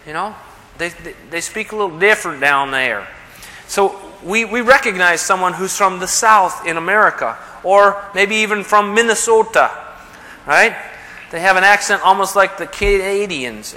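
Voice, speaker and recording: A man's voice: high voice, animated, normal speed, bright, forceful tone. A man preaching a sermon as a pastor, talking conversationally and asking rhetorical questions. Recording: long hall reverb.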